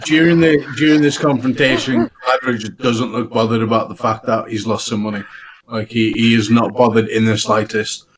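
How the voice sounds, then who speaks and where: A man playing in a tabletop game, loudly narrating his character's calm reaction. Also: medium pitch, normal speed, low-quality recording. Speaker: player. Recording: crowd noise behind.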